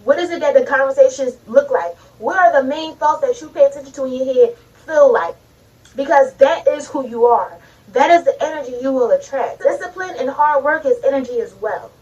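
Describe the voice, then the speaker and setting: A high-pitched woman preaches to her viewers in a loose, casual way. She sits some way back from the mic, and the recording sounds dull and lo-fi. Her talk is chatty and direct. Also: lively intonation, fairly quick, darkish tone, recorded from a distance. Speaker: vlogger. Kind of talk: motivational talk to camera.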